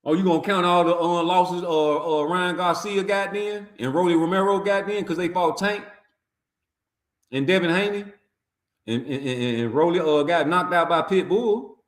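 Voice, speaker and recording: A man's voice: high voice, normal speed, reverberant. A man, delivering a profane, mocking, heated boxing rant. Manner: trash-talking, mocking, heated. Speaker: boxing commentator.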